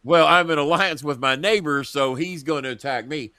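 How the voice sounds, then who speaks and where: A man hosting a talk show, telling profane political stories in a lively, animated way. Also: on the high side, moderate pace, clean tone, no room sound. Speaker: show host. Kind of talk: casual political chat. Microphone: earpiece headset.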